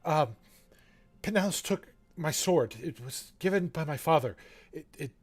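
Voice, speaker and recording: A man's voice: fairly high pitch, lively intonation, measured pace, voice pushed up. A man voicing a frightened male elf army deserter who stammers and pleads in a shaky voice. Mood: pleading, terrified.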